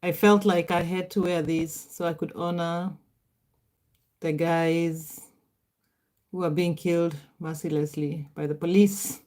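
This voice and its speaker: A woman's voice: fairly low pitch, fairly even intonation, measured pace, darkish tone. Middle-aged woman, Kenyan accent, Swahili first language, livestream host, chatty, laughs a lot, reads out comments. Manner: chatty, laughs often, answers comments aloud. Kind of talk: casual livestream chat reading viewer comments.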